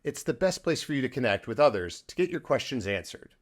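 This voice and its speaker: A man hosting a software product update, reading scripted announcements in an upbeat way. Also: mid-range voice, very animated, fairly quick, no room sound, clean studio sound.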